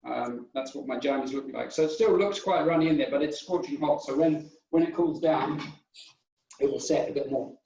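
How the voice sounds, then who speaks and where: A chef giving a home cooking demonstration, talking through each step in an instructive way. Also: male voice, on the high side, a little fast, creaky, mellow. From United Kingdom. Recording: echoey room, distant mic, dull sound.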